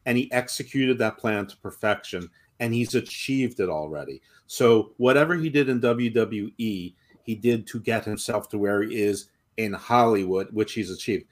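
Guy on a podcast arguing his point, long emphatic explanations. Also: on the low side. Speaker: podcast co-host. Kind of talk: casual debate.

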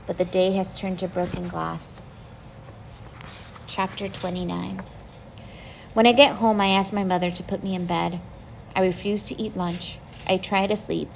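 Gravelly woman reading a novel aloud. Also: fairly low pitch, slight background noise, rough recording. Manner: emotional, expressive reading. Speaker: audiobook reader. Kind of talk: first-person novel narration.

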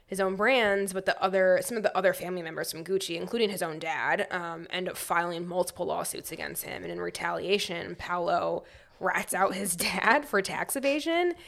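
A woman with a somewhat low voice talks through a story in relaxed podcast chat, dropping in dry, wry asides as she goes. Her delivery is loose and conversational. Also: normal speed, creaky. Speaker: podcast co-host.

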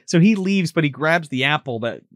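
A podcast co-host chatting casually about an episode, voice rising and falling in a lively way. They act out scenes and laugh along. The sound is dry and close. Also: medium pitch, brisk, no echo. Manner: animated, laughing, acts out scenes. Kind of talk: casual chat recapping a TV episode.

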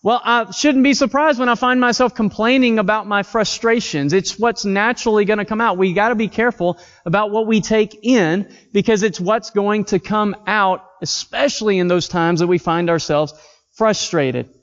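High-voiced preacher in a reverberant hall. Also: male voice, normal speed, fairly bright tone. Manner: earnest, conversational preaching with scripture readings. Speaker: pastor. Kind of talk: sermon. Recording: dull audio with long hall reverb.

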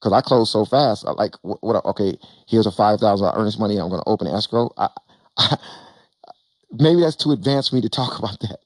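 A man who invests in real estate gives an emphatic, animated talk to an audience on a panel, repeating phrases and acting out bits of dialogue. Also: on the low side, a little fast, dry recording. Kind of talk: motivational stage talk to an audience.

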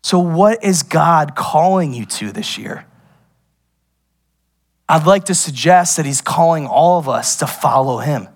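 A young man preaching a sermon as pastor, animated and laughing often, drifting into playful tangents. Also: fairly high pitch, measured pace.

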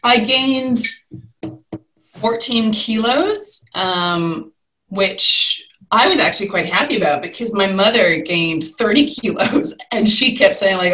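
Speaking a little slowly, a young woman guesting in a conversational interview shares her story openly, with animated rises and falls in pitch. The room is echoey and the recording rough.

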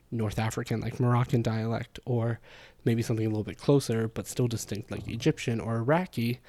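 A man talks through his ideas on a solo podcast in a mellow, warm voice. He explains things casually and loosely, with plenty of fillers and little asides. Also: mid-range voice. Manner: chatty and explanatory, with frequent fillers. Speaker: podcast host. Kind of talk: casual spoken podcast monologue.

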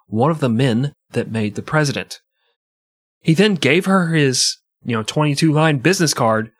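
A man's voice: medium pitch, dry recording. A man co-hosting a podcast, joking and swearing in casual chat. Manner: joking, swearing, laughs a lot. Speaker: podcast co-host.

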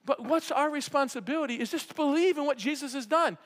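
A man preaching a sermon, fervent and often yelling with excitement. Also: very high-pitched, fast. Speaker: pastor. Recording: preacher in a hall with long reverb.

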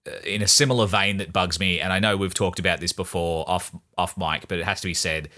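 Guy on a movie podcast, fairly low voice but bright and forceful, agrees a lot. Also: steady tone, brisk. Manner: agreeable, many yeahs and sures, laughs. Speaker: podcast co-host. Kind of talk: casual film review chat.

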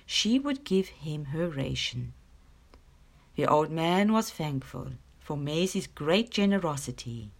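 A woman from Africa, reading a children's story aloud in an expressive storytelling manner. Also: deep voice, gravelly. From South Africa. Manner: expressive, slow-paced storytelling.

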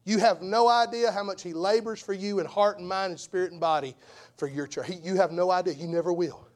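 A man preaching an impassioned sermon as an evangelist, repeating phrases for emphasis and swinging from hushed tones to shouts. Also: sits high, a little fast.

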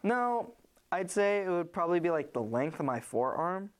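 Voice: medium pitch, very animated, normal speed. Rambling young podcast host, lots of "like". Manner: rambling, many fillers and restarts. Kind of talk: casual chat, retelling a movie.

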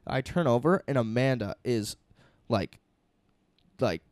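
A young man trading stories in a casual chat, cursing often and acting out what others said. His voice is mid-pitched and the sound is dry and close, with no room around it. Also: unhurried, dry recording. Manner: swearing, animated storytelling with quoted asides.

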